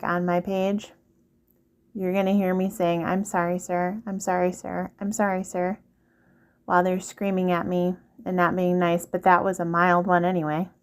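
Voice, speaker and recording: A woman's voice: on the low side, clear, resonant tone. Earnest woman giving advice to camera. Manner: earnest, repetitive, directly addressing the listener. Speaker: vlogger giving relationship advice. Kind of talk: casual advice monologue to camera.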